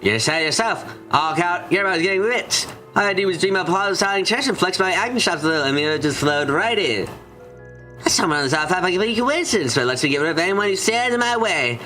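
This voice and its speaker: A man's voice: high voice, lively intonation, a little fast, bright, forceful tone, faint music behind. A man putting on a smug scheming cult leader.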